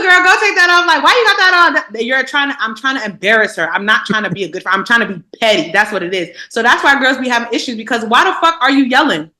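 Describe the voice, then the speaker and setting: A bright, fairly high woman's voice, blunt and animated as she tells stories and mimics her friends. The sound carries a roomy echo around it. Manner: blunt, animated storytelling with acted-out quotes. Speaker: podcast co-host. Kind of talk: casual chat.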